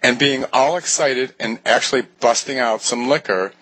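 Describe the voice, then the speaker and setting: A man's voice: mid-range voice, normal speed, sharp tone, rough recording. An older man co-hosting an online talk show, telling jokey stories in casual chat from a small studio. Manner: jokey, self-mocking storyteller.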